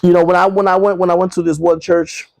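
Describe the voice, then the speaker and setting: A man's voice: sits high, level tone, fast, gravelly, a little mellow, no echo, poor audio. A man hosting his own podcast, talking casually and straight to his listeners, with lots of fillers and repeated phrases. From Brooklyn, New York. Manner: chatty, addresses listeners as y'all, many fillers and repeats. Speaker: podcast host. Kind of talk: casual solo podcast monologue.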